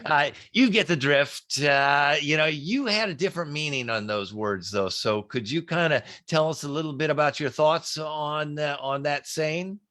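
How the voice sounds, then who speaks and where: A man co-hosting a podcast, talking in a lively, self-deprecating way with plenty of "uh" fillers. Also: fairly high pitch, normal speed, few pauses. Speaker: podcast co-host. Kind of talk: casual podcast chat.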